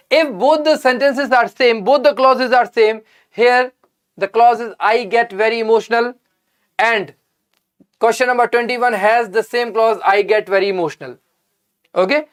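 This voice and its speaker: A young man teaching an online exam-prep English lesson, emphatic and repeating key points as he quizzes his viewers. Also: high voice.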